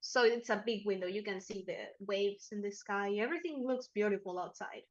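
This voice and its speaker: A woman's voice: medium pitch, a little fast, highs cut off. A woman narrating a tabletop game as game master, chatty and laughing often.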